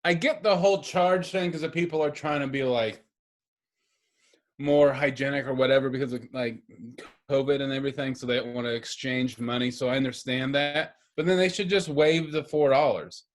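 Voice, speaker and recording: A man's voice: medium pitch, steady tone, moderate pace. A man co-hosting a podcast, talking casually and rambling with lots of restarts. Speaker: podcast co-host. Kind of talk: casual chat.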